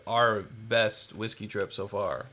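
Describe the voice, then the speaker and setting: A man's voice: on the low side, steady tone, slow pace, bright, forceful tone, a little hiss or hum. Laid-back man rambling on a live stream. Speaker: co-host. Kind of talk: casual chat on a live stream.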